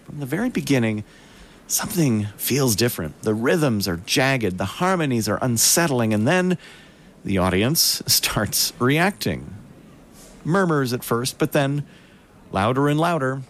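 Measured male radio music host. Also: mid-range voice, big pitch swings, slight background noise. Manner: measured storytelling with dramatic pauses. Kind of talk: scripted radio narration.

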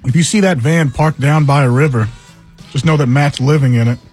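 A man co-hosting a radio show, cutting in with quick jokes and wisecracks. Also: medium pitch, darkish tone, soft background music. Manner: quick joking interjections. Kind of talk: casual banter.

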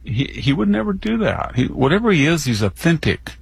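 An older man delivering indignant, rambling commentary with frequent restarts. His voice is gravelly and husky, recorded close and dry. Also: on the high side, sing-song, a little fast, no echo. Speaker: commentator guest. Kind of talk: opinion commentary.

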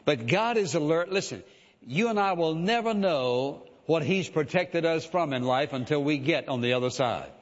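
A man's voice: on the high side, animated, normal speed. A man preaching a sermon in a conversational way, with many "uh" fillers and "listen" asides. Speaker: pastor. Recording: reverberant hall, dull lo-fi sound.

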